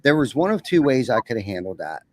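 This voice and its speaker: A man's voice: medium pitch, very animated, fast, no echo. A man talking as a podcast guest, rambling and often repeating words as he starts a sentence. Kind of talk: casual conversation.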